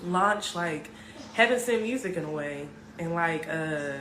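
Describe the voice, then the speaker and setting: A woman's voice: fairly low pitch, animated. A young woman from Richmond, California, talking casually about her life and music, with lots of filler words and restarts. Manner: halting, heavy on filler words. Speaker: musician sharing her story. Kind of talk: casual confessional talk. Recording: roomy echo with background noise.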